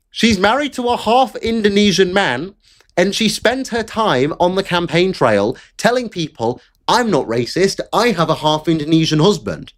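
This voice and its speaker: A man ranting through his own political commentary, blunt and openly fed up. His pitch rides up and down a lot as he talks. There are occasional faint clicks under his voice. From Britain. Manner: blunt, exasperated, sweary.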